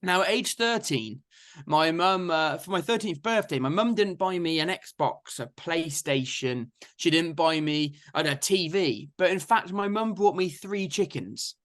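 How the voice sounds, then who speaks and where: A young man, telling his story in a lively, chatty interview. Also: a little high, measured pace. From England. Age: 20s. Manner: chatty, energetic anecdotes with frequent "so therefore". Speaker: guest farmer.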